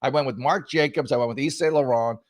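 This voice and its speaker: A man's voice: medium pitch, fast talker, dry recording. A male talk show host giving casual political commentary in a sarcastic, mocking, rambling way with many restarts.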